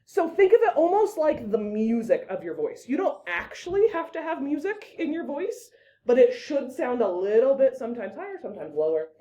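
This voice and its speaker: A woman teaching a public speaking class in a lively, chatty way, often breaking off to direct her students. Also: sits high, normal speed. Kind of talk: casual classroom lesson.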